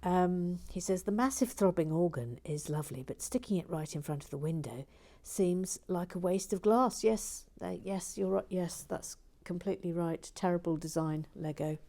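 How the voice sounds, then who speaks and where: A middle-aged woman chats as she builds and reads out viewer comments. Her voice sits low and sounds warm and relaxed. She is dryly funny, and she keeps slipping into quiet, half-whispered muttering to herself. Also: normal speed, few pauses. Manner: chatty and wry, drifts into soft half-whispered muttering. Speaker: LEGO building channel host.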